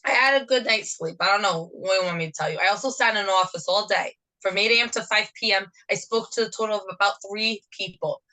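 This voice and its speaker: Bright-voiced chatty New Jersey woman. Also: mid-range voice, quick pace, few pauses, rough recording. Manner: chatty, rambling, jumps between topics. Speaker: podcast co-host. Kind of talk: casual chat.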